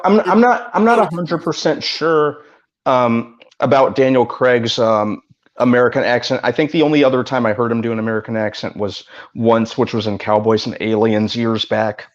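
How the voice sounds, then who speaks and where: A hesitant man weighs his words on a live movie review chat, restarting often. His audio comes through a dull, lo-fi line. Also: medium pitch. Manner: measured, hesitant, many restarts and fillers. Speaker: podcast co-host.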